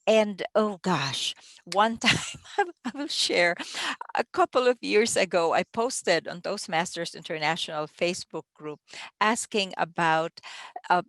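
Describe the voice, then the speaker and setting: A woman's voice: on the low side, fairly bright tone, no room sound. A woman leading a training session for contest judges, talking through the ballot in a conversational way, with restarts and the odd small laugh. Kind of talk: training talk.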